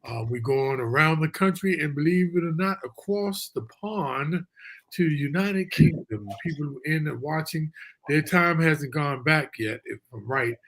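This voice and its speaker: Gravelly husky-voiced man hosting a show. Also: on the high side, unhurried, fairly bright tone. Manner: chatty and loose, with folksy asides. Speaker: talk show host. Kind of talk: casual live-stream talk show. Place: remote virtual studio.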